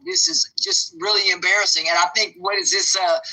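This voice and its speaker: A man's voice: high voice, big pitch swings, fairly quick, sharp tone, rough recording. A man rambling through an exasperated political opinion in casual chat, with many fillers and restarts.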